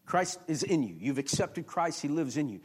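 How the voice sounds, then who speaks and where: A man pastor preaching a sermon to a congregation, chatty and conversational, building to loud emphatic peaks. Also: a little high, animated, moderate pace, breathy edge. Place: church before a congregation.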